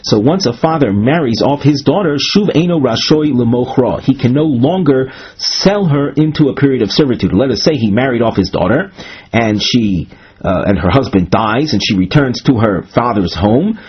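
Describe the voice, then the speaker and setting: A man of middle pitch teaches a Talmud lesson, explaining each step slowly and often restarting his phrases. His Hebrew terms carry an Ashkenazi pronunciation. His voice sounds somewhat husky, and the recording is dull and lo-fi. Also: animated. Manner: measured, explanatory, with frequent restarts and uh's.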